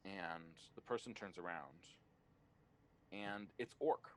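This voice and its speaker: A man narrating a tabletop game as game master, often pausing on ums and uhs. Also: low voice, slight background noise. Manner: hesitant, many ums and uhs.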